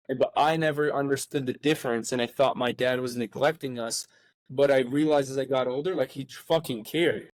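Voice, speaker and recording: Male podcast host, middle pitch, casual and emphatic, curses freely, dry close recording. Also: fairly even intonation, a little fast, no echo, low-quality recording. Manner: emphatic, swears often, says "like" a lot. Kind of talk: casual heartfelt conversation.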